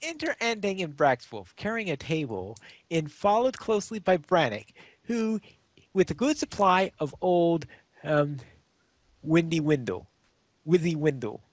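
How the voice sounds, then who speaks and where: A woman's voice: on the low side, big pitch swings, unhurried, dry recording. A woman narrating a homemade play in an easy, giggly reading. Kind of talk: read-aloud narration.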